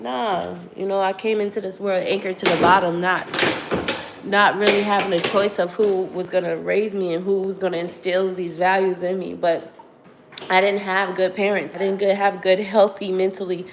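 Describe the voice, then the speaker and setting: A woman's voice: mid-range voice, little pitch movement, moderate pace, slight background noise. Emotional woman vlogging a raw confession. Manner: candid, profane, rambling with restarts. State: emotional, on the edge of tears. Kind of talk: emotional confessional livestream talk.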